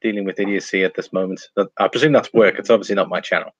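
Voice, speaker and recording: A man's voice: low voice, steady tone, rapid-fire, no echo, highs cut off. A man hosting a casual live stream, reading viewer comments aloud and talking through price charts, laughing often.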